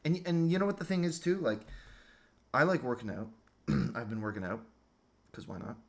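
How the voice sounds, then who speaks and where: A man's voice: mid-range voice, moderate pace. A man delivering a crude, sarcastic monologue rant as a vlogger.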